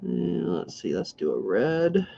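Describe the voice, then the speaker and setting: A man's voice: a little high, huge pitch swings, a little slow, gravelly, warm tone. An easygoing man chatting casually while he works on a craft. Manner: easygoing, laughs often. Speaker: livestream co-host. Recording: lo-fi livestream audio.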